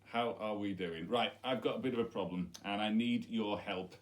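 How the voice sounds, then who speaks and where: A man's voice: lowish voice, fairly even intonation, normal speed. Playful head teacher, man. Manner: playful, chatty, demonstrating with props. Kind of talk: school science week video message to pupils.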